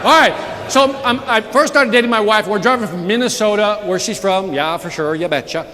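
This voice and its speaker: This man's voice is high-pitched and sharp, moving at a moderate pace. He's pumping up a crowd with a motivational sales talk, full of jokes and questions, in a large, reverberant conference hall alive with audience laughter and murmuring.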